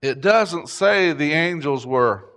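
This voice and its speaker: A man's voice: on the high side, expressive, slow pace. Impassioned male preacher. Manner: impassioned preaching, shouting at peaks. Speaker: pastor. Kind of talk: sermon.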